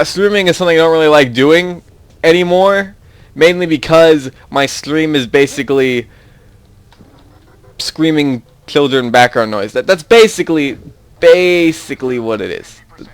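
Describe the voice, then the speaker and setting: Talking casually while he plays, a young man who makes gaming videos keeps getting sidetracked and laughing to himself as he rambles. His voice is medium in pitch with a clean tone, recorded dry.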